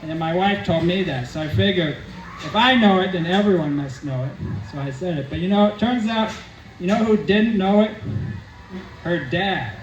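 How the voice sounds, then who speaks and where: Guy with a highish voice telling a rambling awkward story, deadpan, mic far off in an echoey room. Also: normal speed, highs cut off. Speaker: comedy character vlogger. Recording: roomy, distant mic, faint background hum.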